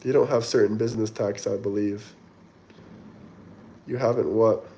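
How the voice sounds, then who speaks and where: A man's voice: on the low side, steady tone, moderate pace, mellow, slight background noise. A man hosting a casual livestream, chatting loosely and reading viewer comments aloud in a rambling way. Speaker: livestream host reading chat.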